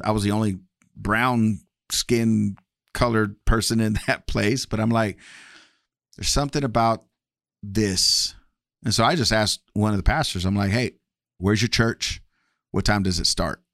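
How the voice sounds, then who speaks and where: Recorded dry with clean studio sound, a man's voice sits on the low side with a fairly bright tone. He's a guest sharing his testimony, casual and candid, performing remembered conversations in varied voices.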